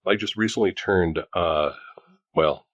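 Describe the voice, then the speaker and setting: A man's voice: deep voice, unhurried, no room sound, lo-fi sound. A man in his forties hosting a casual chat, talking in a rambling, joking way. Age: 40s. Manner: chatty, rambling, self-joking. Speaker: host.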